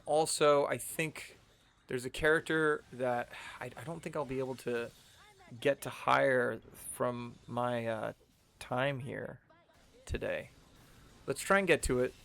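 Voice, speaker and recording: A man chatting over his gameplay in an unhurried, rambling way, leaning on slang and filler words. His voice sits at an ordinary pitch with a gravelly, creaky edge, and he takes his time between thoughts. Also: fairly bright tone. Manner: rambling, laid-back, full of fillers and slang. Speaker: game streamer. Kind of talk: casual gameplay commentary.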